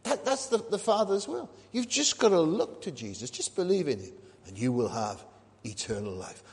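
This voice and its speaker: A man's voice: medium pitch, wildly swooping pitch, moderate pace, a little mellow. A man, a minister preaching a sermon, talking conversationally and asking and answering his own questions. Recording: long reverb of a large hall.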